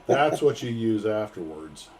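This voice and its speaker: A man's voice: fairly low pitch, sing-song, unhurried, a little mellow. An American man hosting a casual livestream, joking and rambling with plenty of fillers. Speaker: livestream host.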